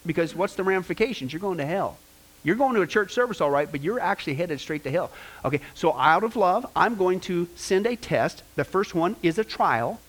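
High-voiced man preaching a casual sermon. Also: animated, brisk, poor audio. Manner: informal, rambling delivery with many okays and you-knows. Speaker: pastor.

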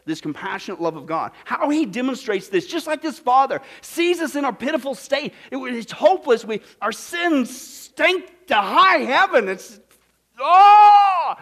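Animated male pastor from Kansas, high voice, jokey sermon delivery, loud-to-hushed swings. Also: moderate pace, hardly any pauses. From Kansas, United States. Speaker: pastor teaching a Bible study.

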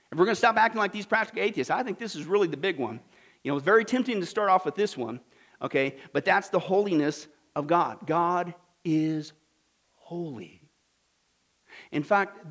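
Male pastor, very high voice, animated and jokey, sermon delivery. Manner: animated, jokey, punchy exclamations. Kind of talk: sermon with storytelling.

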